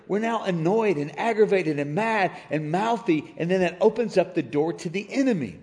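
Middle-aged male pastor with a high voice, storytelling sermon style that rallies the crowd, big hall echo. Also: normal speed, hardly any pauses. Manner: animated storytelling, calls out to the congregation. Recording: reverberant church hall.

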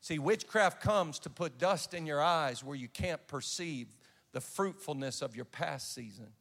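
A man's voice: on the high side, vocal fry, fairly bright tone, big-room sound. A man preaching a sermon and telling a personal story in an earnest way, often restarting his sentences. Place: church sanctuary.

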